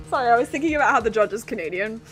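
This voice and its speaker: Brief: American woman streamer, lively high-pitched voice, chatty and giggly, game music under it. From United States. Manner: chatty, laughs often, jokey asides. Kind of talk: casual let's-play commentary.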